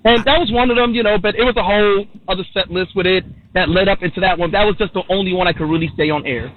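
A man's voice: sits high, quick pace, slight background noise. A man from New York calling into a radio show as a guest, telling a comic personal story in a rambling way, full of "you know" fillers. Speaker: guest comedian. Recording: tinny phone line.

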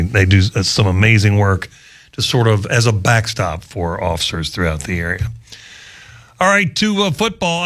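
A man's voice: mid-range voice, fairly bright tone. A male local radio host, chatting casually with rambling asides.

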